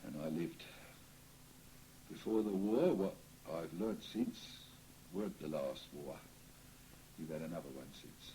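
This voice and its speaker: Old cockney coster ghost done by a man in a seance, chuckly and rambling, mellow voice going all up and down. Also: rumbling low, animated, a little slow, long pauses, slight background noise, rough recording. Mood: chatty. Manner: rambling, chuckling, folksy chat. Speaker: trance medium. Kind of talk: séance trance communication.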